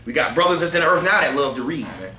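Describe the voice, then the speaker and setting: Male study leader, casual and conversational, keeps asking the room "right?", bright voice in an echoey space. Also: on the high side, lively intonation, quick pace. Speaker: teacher leading a group study. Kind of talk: religious group study, reading aloud from books.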